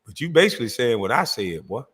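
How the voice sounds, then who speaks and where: A man's voice: medium pitch, big pitch swings, fast talker, a bit bright, breathy edge. A man giving profane, incredulous reaction commentary on a clip he is watching.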